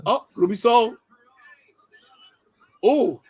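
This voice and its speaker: A man hosting a wrestling podcast, telling animated stories in casual chat. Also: very high voice, drawn-out words, breathy edge, low-quality recording. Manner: animated, exclamatory anecdotes. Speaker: podcast host.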